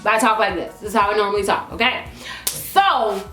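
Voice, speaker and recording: A woman's voice: medium pitch, a little fast, a bit bright, faint music behind. A young woman from Toronto tells a story to camera in a casual, slangy, emphatic way. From Toronto, Canada. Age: young adult. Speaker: vlogger. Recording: echoey room.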